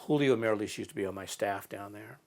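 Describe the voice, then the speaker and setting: Guy with a kinda low gravelly voice, rambling through stories with lots of ums. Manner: halting, many fillers and restarts. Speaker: interviewee. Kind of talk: casual storytelling.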